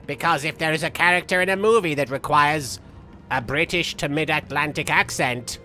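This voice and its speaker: A man's voice: on the high side, moderate pace, bright, forceful tone. A man playing a vain, theatrical villain streamer. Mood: playful. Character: theatrical, vain, mock-menacing male villain persona. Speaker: streamer voicing a cartoon villain persona. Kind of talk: live game stream chat with in-character banter. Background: faint game music.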